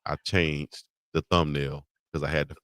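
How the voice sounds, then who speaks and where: A man's voice: very deep voice, level tone, moderate pace, fairly bright tone, dry recording, clean studio sound. A man co-hosting a casual live-stream show, joking and laughing as he talks. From Alabama. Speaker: co-host.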